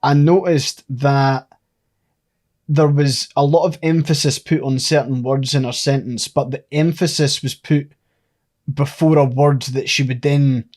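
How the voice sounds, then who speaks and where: A man's voice: medium pitch, steady tone, measured pace, darkish tone. Man musing through a theory. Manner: thinks aloud, lays out theories at length. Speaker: podcast co-host. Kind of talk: casual chat.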